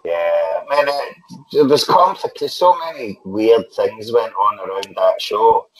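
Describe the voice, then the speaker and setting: A man's voice: lowish voice, expressive, takes it slowly, low-quality recording. A middle-aged Scottish actor, a guest in a casual podcast interview, who talks with energy, repeats phrases and often ends lines with "man".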